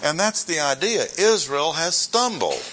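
A man giving verse-by-verse Bible teaching to a gathered group, deliberate and emphatic, stressing and repeating his key points. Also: on the high side, big pitch swings, pushed and bright, a little hiss or hum, poor audio.

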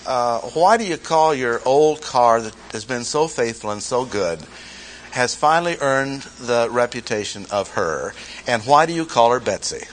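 Preaching an expository sermon, a man speaks expressively and without hurry in a mid-range voice, putting questions to his listeners and driving home key phrases by repetition. The low-quality recording has slight background noise.

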